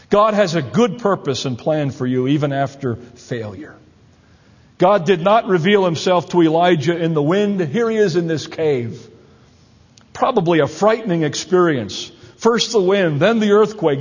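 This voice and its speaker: A man's voice: a little high, a little mellow, slightly rough. A man preaching a sermon as a pastor, speaking earnestly and with emphasis. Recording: long hall reverb, dull lo-fi sound.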